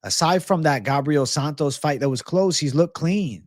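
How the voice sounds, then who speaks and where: A man's voice: fairly high pitch, expressive, moderate pace, no echo, clean studio sound. Brash, cursing fight-betting streamer man. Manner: brash, profane, hyped. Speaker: MMA betting livestream host. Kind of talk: livestream fight predictions.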